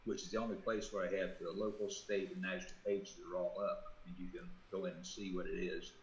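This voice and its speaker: A man in a casual group video call, talking quickly and loosely with lots of "you know.". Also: sits low, flat delivery, reverberant, dull audio, slight background noise.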